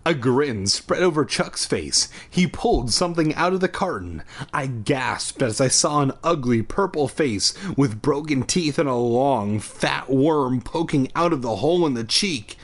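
A man's voice: mid-range voice, lively intonation, a little slow. A man hosting a podcast, reading a spooky children's book aloud with irreverent, profane comic asides.

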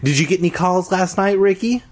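A man's voice: sits high, fairly quick, pitched above the performer's own voice. A man voicing a smug teenage girl who mocks a classmate. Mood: mocking. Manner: mocking, smug.

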